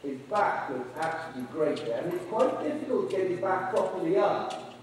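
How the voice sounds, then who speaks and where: A man's voice: high voice, very animated, a little fast, background noise. A man coaching a dressage lesson in an indoor arena, encouraging and teasing the rider with constant praise. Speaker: riding instructor. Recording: echoey arena, voice from far off.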